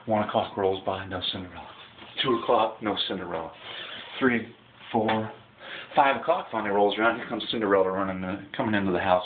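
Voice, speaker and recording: Over tinny, phone-like audio with a faint hiss, a thirtysomething comedy vlogger chuckles his way through crude, rambling jokes. He speaks briskly in a voice on the low side, keeping it casual.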